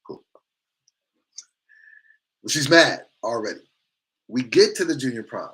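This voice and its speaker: Male morning-show host, crisp bright tone, animated casual storyteller who acts out quotes. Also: mid-range voice, moderate pace, pauses often.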